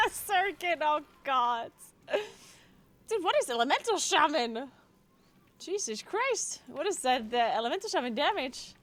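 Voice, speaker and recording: A woman livestreamer talks loosely into her microphone, breaking into giggles between restarted sentences. Her voice sits very high and leaps around expressively. She takes her time and drops casual swears. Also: big pitch swings, slow, a bit bright. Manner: giggly, breaks into frequent laughter. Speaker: streamer.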